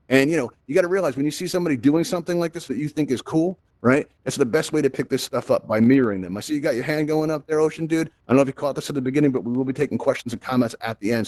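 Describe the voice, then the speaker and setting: A man leads a live virtual reality lesson, talking quickly and tossing in "right?" after nearly every step. His tone is upbeat and chatty, and his mid-range voice sits close to the mic with a dry sound. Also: mid-range voice, dry recording. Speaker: host. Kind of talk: live tutorial to a virtual audience.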